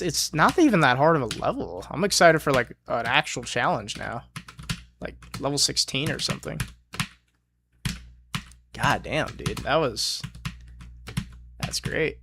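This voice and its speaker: A male streamer mutters and swears his way through a hard level, coaching himself out loud. His pitch sits in a middling range. Faint keyboard clicks tick in the background. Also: slight background noise. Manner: profane, excitable, talks himself through attempts. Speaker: streamer playing a platformer. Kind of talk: casual self-talk while gaming.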